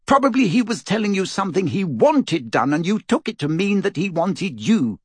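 A man's voice: fairly high pitch, sing-song, unhurried, husky, no room sound, pitched above the performer's own voice, heavily acted. A man voicing a determined, bossy motherly woman. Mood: indignant. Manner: sharp, insistent, switching to sweet casual.

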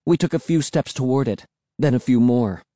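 A man reading a children's spooky novel aloud as an audiobook narrator, telling it in an expressive, dramatic way. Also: mid-range voice, normal speed, no echo, clean studio sound.

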